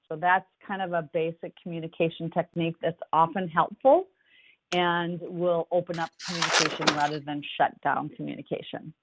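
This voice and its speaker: A woman presenting an online workshop, talking in a calm, conversational and gently instructive way. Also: fairly low pitch, normal speed, background noise. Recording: tinny phone-like audio, dry.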